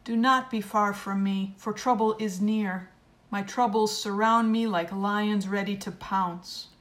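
A woman's voice: medium pitch, steady tone, a little slow. Solemn woman reading scripture aloud. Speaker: scripture reader. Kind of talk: liturgical reading.

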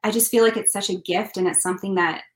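A woman's voice: mid-range voice, fairly even intonation, fast talker, reverberant, poor audio. A woman from Canada, a country singer and interview guest, telling a personal story in an earnest, heartfelt way.

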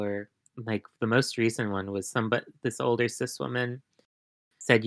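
A woman chatting casually as a podcast guest, telling rambling, animated stories and swearing often. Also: extremely low pitch, a little slow. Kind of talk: casual chat.

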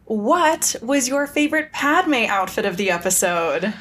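A woman's voice: fairly high pitch, big pitch swings, a little slow, fairly bright tone, husky. A woman co-hosting a podcast in casual chat, wry and teasing, laughing often. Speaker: podcast co-host.

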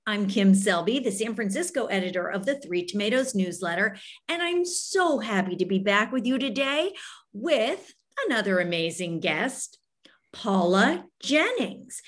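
A woman hosting a podcast interview, chatting in a gushing, enthusiastic way. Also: medium pitch. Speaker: podcast host. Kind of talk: casual interview chat.

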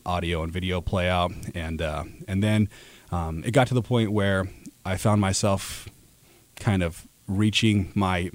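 Talking earnestly about his ad sales job, a deep-voiced Alaskan man in his thirties is a guest in a casual radio interview. He leans on many fillers and restarts, and the recording is dry.

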